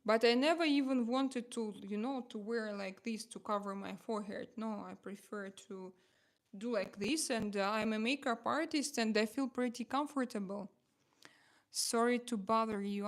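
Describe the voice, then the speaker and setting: Woman host chatting on a livestream, English. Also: a little high. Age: 40s. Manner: non-native English, many uhs and restarts, reads chat aloud. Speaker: livestream host and makeup artist. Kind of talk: casual livestream chat reading comments.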